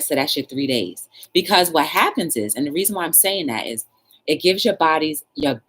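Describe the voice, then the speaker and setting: A woman hosting her own talk show, chatting casually and coaching a viewer with playful, animated encouragement. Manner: animated, playful, coaching with squealing high bursts and laughs.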